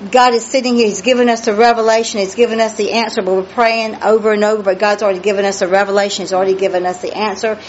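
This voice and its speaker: Slow, emphatic woman preaching a Bible study. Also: a little high. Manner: emphatic, exclaims hallelujah and asks the listeners questions. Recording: dull lo-fi recording with faint noise.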